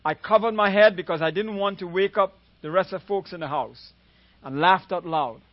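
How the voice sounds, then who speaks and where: A man's voice: high voice, moderate pace, dry recording, muffled recording. A man preaching a sermon as a guest preacher, retelling a story and often asking the congregation "amen?".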